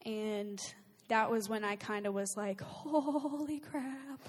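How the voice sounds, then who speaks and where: A woman's voice: medium pitch, completely flat delivery, unhurried. Woman telling a story in a reverberant hall. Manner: earnest, many fillers, sometimes breaks into laughter. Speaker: guest recounting a personal experience. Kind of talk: casual spoken testimony.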